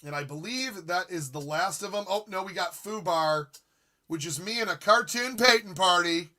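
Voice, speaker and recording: A man in his forties hosting a live gaming stream, chatting casually and reading viewer comments with excitable, jokey humor. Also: high voice, normal speed. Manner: excitable, jokey, reads chat aloud. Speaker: streamer host.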